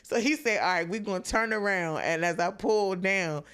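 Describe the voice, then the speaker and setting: A woman's voice: mid-range voice, moderate pace, fairly bright tone, clear, resonant tone. A woman guest on a podcast, telling stories in a laid-back casual chat, with many "like"s. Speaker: comedian guest.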